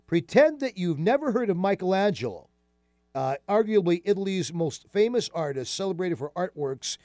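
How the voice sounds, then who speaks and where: A man's voice: high voice, very animated, moderate pace, darkish tone, dry recording. Radio host guy, talky and jokey, bouncy voice, dry sound. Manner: chatty, jokey, lots of fillers. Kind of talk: casual radio chat.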